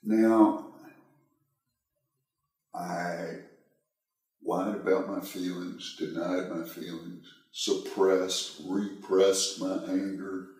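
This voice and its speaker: A male author answering an interview question in a measured, self-examining way, telling a personal story, recorded in an echoey room with the mic far away. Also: deep voice, a little mellow.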